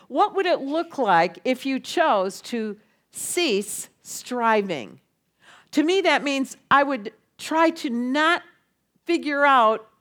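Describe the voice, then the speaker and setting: A middle-aged woman preaching a sermon, swinging from loud pleading to hushed tones and leading her listeners in repeated phrases. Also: medium pitch. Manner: leads the audience in call-and-response. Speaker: speaker at a church gathering.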